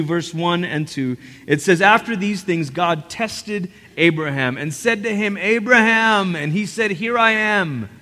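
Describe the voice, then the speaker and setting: A man delivering a sermon from the pulpit, with a high, light voice that carries through a long-reverb church sanctuary. He talks to the congregation conversationally and slips into the imagined thoughts of his listeners. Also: a bit bright. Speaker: pastor.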